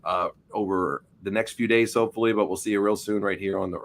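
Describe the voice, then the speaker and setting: A man's voice: fairly low pitch, steady tone, quick pace, a little hiss or hum. Chatty man hosting a podcast. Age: 40s. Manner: loose and chatty, stumbles over words. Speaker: podcast host. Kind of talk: casual chat, show sign-off.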